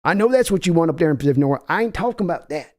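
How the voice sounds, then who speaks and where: Brash older Texan owner played by a man, put-on drawl, bossy and folksy, pitched up high and lively. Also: rapid-fire, close to an everyday voice. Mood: pushy, folksy. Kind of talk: comedic impression skit.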